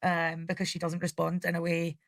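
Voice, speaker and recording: Opinionated woman co-host, lower pitch, crisp dry recording. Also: completely flat delivery, brisk, no room sound. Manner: frank, opinionated, laughs mid-sentence. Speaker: podcast co-host. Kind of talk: casual podcast chat.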